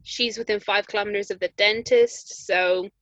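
A woman's voice: medium pitch, steady tone, moderate pace, fairly bright tone, no room sound. A young woman with an Irish accent, chatting casually and telling stories full of "like" fillers and laughter. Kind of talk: casual chat.

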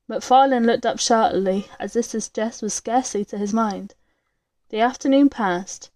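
A woman narrates an old tale in a measured, dramatic reading voice that is fairly high. Her tone is dark and mellow, and the recording is close and dry, with no room sound. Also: no room sound. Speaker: storyteller. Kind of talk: scripted story narration.

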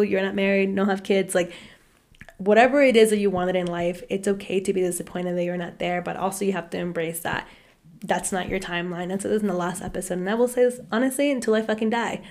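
A woman's voice: mid-range voice, a little mellow. Profane, laughing young woman podcaster. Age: 20s. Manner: candid and profane, laughing often. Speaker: podcast host. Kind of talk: casual solo podcast monologue.

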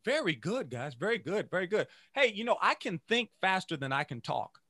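A man who teaches music, giving an energetic motivational talk to teachers and chanting phrases in rhythm. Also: sits high, brisk, no echo, clean studio sound. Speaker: music educator.

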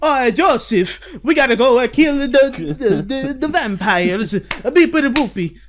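A man voicing a goofy young Italian man in a hammy fake accent, drawn out and loud. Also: very high voice, animated, unhurried, background noise, voice pushed up.

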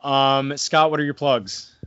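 A man's voice: medium pitch, fairly even intonation, measured pace, a bit bright, clear, resonant tone, no room sound, dull audio. A man co-hosting a casual podcast review, talking loosely with lots of "I mean" and "like". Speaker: podcast co-host and wrestling promoter.

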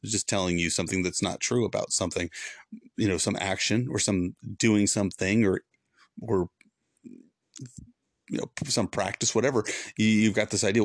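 A man's voice: lowish voice, fairly even intonation, moderate pace, long pauses, no room sound, studio quality. A man who is a former pastor, hosting a devotional podcast in an earnest, preachy way and repeating points for emphasis.

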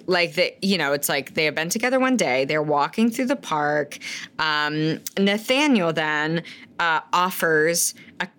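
A woman's voice: lowish voice, takes it slowly, a bit bright, smooth. A woman recapping a film in casual chat, rambling with lots of fillers and swearing freely. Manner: chatty, filler-heavy, swears often.

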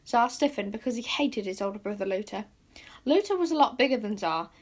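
A woman narrating a children's storybook aloud with lively, expressive storytelling. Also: mid-range voice, brisk. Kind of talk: storybook reading.

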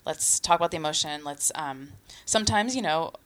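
A woman's voice: deep voice, lively intonation, brisk, a bit bright. A woman co-hosting a casual podcast, thinking aloud in a hesitant, reflective way with many fillers.

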